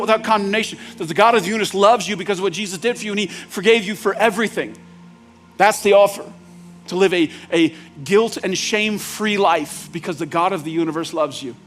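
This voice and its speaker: A man's voice: sits high, a bit bright. A male pastor preaching in a church, talking plainly to the room and building to urgent, emphatic points. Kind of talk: sermon. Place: church sanctuary.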